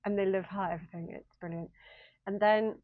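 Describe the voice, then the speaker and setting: A woman's voice: medium pitch, steady tone, a little fast, no echo. A woman in her fifties, a university lecturer, rambling casually in a talking-head vlog and often laughing at herself. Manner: rambling, chatty, self-deprecating with frequent laughs. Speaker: university lecturer in human-computer interaction. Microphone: phone camera. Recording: dry, phone-like narrow sound.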